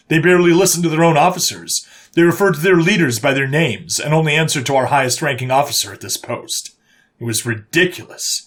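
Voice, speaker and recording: A man reading a sci-fi war story aloud in a measured, dramatic narration that slows down for emphasis. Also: mid-range voice, fairly bright tone.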